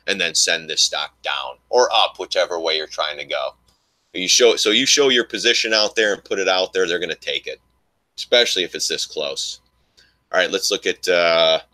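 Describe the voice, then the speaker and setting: A man's voice: low voice, pushed and bright, dry recording. A man giving casual live commentary on his stock trades, rambling and thinking aloud as he talks to his viewers. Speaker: stock trading streamer.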